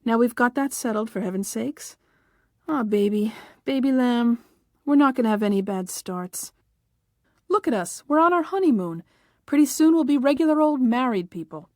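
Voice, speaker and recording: A woman voicing an eager young husband on his honeymoon, coaxing and a little exasperated, trying to smooth things over with his bride. The voice sits on the high side, with a mellow, dark tone, recorded close and dry, as in a storybook reading. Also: expressive, normal speed, no room sound, lightly acted. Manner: coaxing, then defensive.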